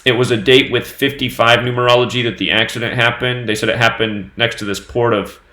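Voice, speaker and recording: Male host, mid-pitched voice, solo news commentary, reels off dates and number sums, roomy echo. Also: brisk. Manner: steady running reading of dates and number sums. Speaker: host of a numerology news channel.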